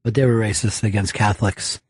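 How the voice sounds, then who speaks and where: A man's voice: lowish voice, fairly even intonation, fairly quick, husky, no echo. A man hosting a radio show, joking and teasing his guests in casual, profane banter on a studio mic.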